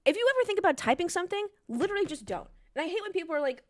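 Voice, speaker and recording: Woman in her 30s ranting super fast on a stream podcast, high voice, swears a lot. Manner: fast, animated, profane ranting. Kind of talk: casual ranting chat.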